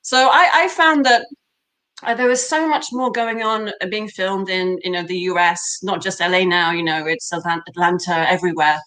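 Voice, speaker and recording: A woman's voice: lowish voice, normal speed, fairly bright tone. A British woman, an actress, chatting animatedly in an interview with many fillers and laughs. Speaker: actress, guest. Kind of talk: casual interview chat.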